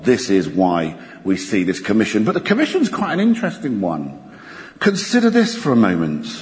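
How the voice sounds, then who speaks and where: A man preaching a sermon in a church, expressive and animated, slowing down dramatically for emphasis. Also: lowish voice. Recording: church hall reverb.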